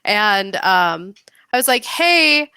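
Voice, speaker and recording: A young woman co-hosting a podcast, telling stories in a casual, profane, animated way. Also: medium pitch, normal speed, clean tone, no room sound. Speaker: podcast co-host. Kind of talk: casual chat.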